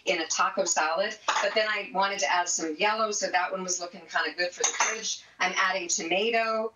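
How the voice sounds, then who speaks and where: A woman's voice: fairly low pitch, fairly even intonation, a little fast, roomy sound, far from the mic, very noisy. A woman cheerfully demonstrating a no-cook recipe on a morning TV show, chatting casually with jokes about herself. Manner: chatty, upbeat, self-deprecating humor. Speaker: cooking segment guest. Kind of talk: casual cooking demo chat.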